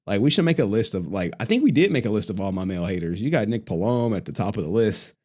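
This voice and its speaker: A man's voice: on the low side, expressive, fast talker. Laid-back profane male streamer. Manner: loose and profane, laughing often, reading chat aloud. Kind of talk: casual live-stream chat.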